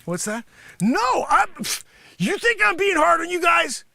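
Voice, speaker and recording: A man playing a boastful, money-grubbing karate sensei who scolds his class and breaks into shouts. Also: very high-pitched, sing-song, measured pace, vocal fry, no room sound, heavily acted. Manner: bragging, scolding, swings into shouts. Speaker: livestream host. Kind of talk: improvised comedy character bit.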